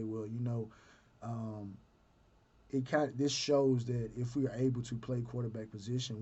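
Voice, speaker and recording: A man's voice: medium pitch, mellow. A man giving casual solo sports commentary, talking his thoughts through with fillers and restarts. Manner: conversational, thinks aloud with fillers and restarts. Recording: dull lo-fi sound.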